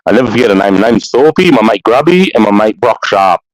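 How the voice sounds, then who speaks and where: A man with an Australian accent telling a long anecdote in casual chat, profane and animated, with many restarts. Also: fairly low pitch, a little fast, no room sound, rough recording. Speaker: podcast storyteller.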